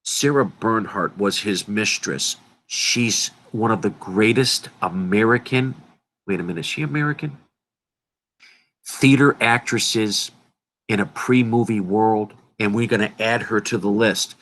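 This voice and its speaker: A man's voice: on the low side, measured pace, fairly bright tone. A man presenting an informal lecture, talking in an emphatic, rambling way and interrupting himself often.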